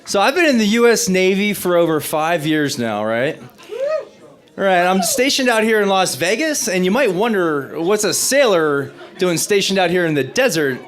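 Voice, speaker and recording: A young man doing a stand-up comedy set on stage, delivering dry punchlines between lively bits. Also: high-pitched, normal speed.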